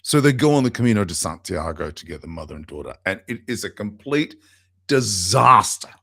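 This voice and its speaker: A man's voice: lowish voice, very animated, a little fast, creaky, a bit bright, dry recording. A man, a podcast guest telling a heartfelt story, with restarts and fillers, into a close mic. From Australia.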